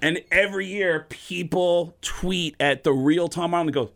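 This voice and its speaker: A man's voice: a little high, unhurried, creaky, few pauses. A middle-aged man, a stand-up comedian, telling a story in a casual chat and acting out voices and impressions. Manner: animated storyteller who acts out voices and impressions.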